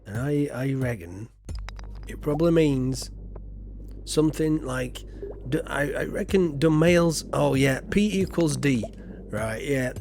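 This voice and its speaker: A man's voice: medium pitch, expressive, measured pace, creaky, a little mellow. English guy streaming a farm game, rambly and self-deprecating, lots of ums, bit of faint noise behind. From Yorkshire, England. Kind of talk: casual chat while playing a game.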